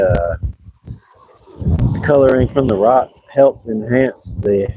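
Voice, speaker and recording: A man livestreams from an ocean beach, talking loosely and with easy self-deprecation. His voice is mellow and dark, at a medium pitch. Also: a little hiss or hum, poor audio. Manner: chatty, rambling and self-deprecating. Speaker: livestream host. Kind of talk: casual livestream chat.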